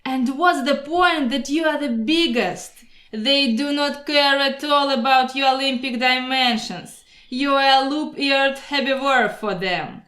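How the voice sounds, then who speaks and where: A woman voicing a boastful, proud male mosquito who pitches himself like a salesman, grandiose and persuasive. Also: unhurried, fairly bright tone. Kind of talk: storybook voice acting. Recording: roomy echo.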